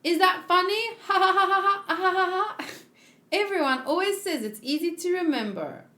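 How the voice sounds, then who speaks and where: A woman's voice: very high-pitched, moderate pace, bright, forceful tone, echoey room, pitched above the performer's own voice. A woman voicing a cheerful, giggling little girl during a manga read-along. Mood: giggly. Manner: bubbly, giggling, exaggerated.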